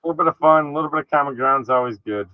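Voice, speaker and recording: A man hosting a casual live video call chat, relaxed and full of fillers. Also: fairly high pitch, very fast, dry recording, narrow, tinny audio. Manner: relaxed, filler-heavy talk.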